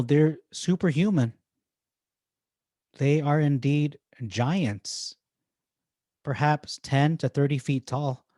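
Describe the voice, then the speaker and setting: An earnest man teaching scripture verse by verse. His voice is dark and mellow at a medium pitch. He moves from quiet asides to firm emphasis, and the sound is close and dry. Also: no room sound. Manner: earnest, swings from soft asides to emphatic stresses. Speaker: Bible teacher.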